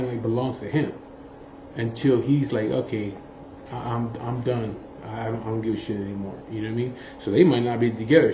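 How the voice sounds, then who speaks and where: A man tells a long story in a loose, profane ramble, tossing in filler checks with his listener. His voice is dark and mellow. The recording is muffled and roomy, with a faint hiss behind him. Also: medium pitch. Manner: rambling, profane, keeps saying "you know what I mean". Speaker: biker telling a story. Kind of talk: casual storytelling.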